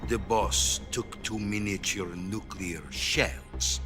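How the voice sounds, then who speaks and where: An actor playing a stern older Soviet premier, speaking slowly and gravely on a hotline call over game cutscene music. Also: male voice, on the low side, steady tone, pushed and bright. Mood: grave, menacing. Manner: slow, grave and threatening.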